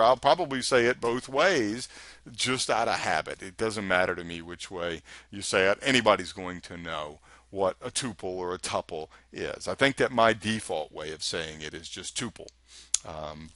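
A man walks through a technical lesson in an easy, talkative way, tossing in rhetorical questions as he goes. His voice is bright and forward, and it sits close and dry on the mic with no room sound. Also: mid-range voice, no echo. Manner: chatty and conversational, asks rhetorical questions. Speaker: instructor. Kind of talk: recorded technical lecture.

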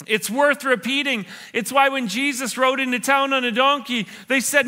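At a church service, a pastor with a high, bright, ringing voice preaches a little fast in a conversational, playful way. He keeps slipping into his listeners' voices to act out what they're thinking.

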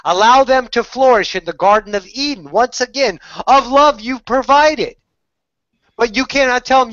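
Low-voiced woman channeling spiritual teaching. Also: big pitch swings, normal speed, fairly bright tone, dry recording. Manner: preachy, rhetorical questions, calls listener darling. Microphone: webinar call audio. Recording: slightly dull webinar audio.

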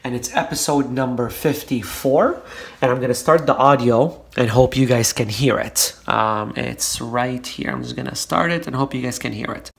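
A man's voice: mid-range voice, moderate pace, creaky. A man talking casually to camera in his office, rambling with many fillers and restarts as he addresses his viewers. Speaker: online marketing vlogger. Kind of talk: casual vlog talk to camera. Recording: roomy echo.

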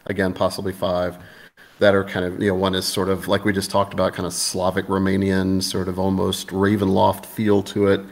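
A man's voice: sits low, monotone, a little fast. A man talking casually as an interview guest about his game adventures, rambling with fillers and restarts.

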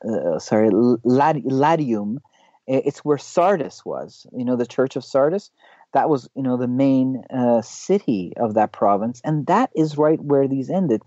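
Guy walking thru a map on screen, lots of restarts and ums, mellow voice, kinda dull lo-fi sound. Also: mid-range voice, no echo. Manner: halting, many restarts and fillers. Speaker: regular guest teacher.

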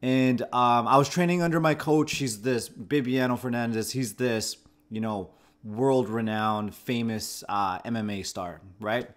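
A man's voice: mid-range voice, fairly even intonation, measured pace. Male host, 30s, medium voice, reflective first-person storytelling with frequent self-corrections. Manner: reflective and conversational, often restarting phrases. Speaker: host of a channel about anxiety. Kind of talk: personal story told to camera.

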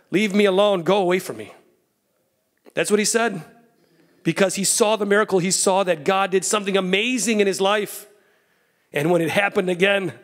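A man in his thirties with a slightly high voice preaches a church sermon. He tells the story animatedly, dropping to soft low asides and then rising into excited lines. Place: church sanctuary.

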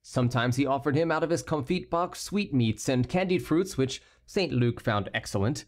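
A man reads a historical novel aloud in a steady, scripted audiobook style. His voice sits in a mid range. He gives the courtiers higher voices of their own. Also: moderate pace. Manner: reads every character himself, lifting his pitch for the courtiers. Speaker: audiobook narrator. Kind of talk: scripted narration.

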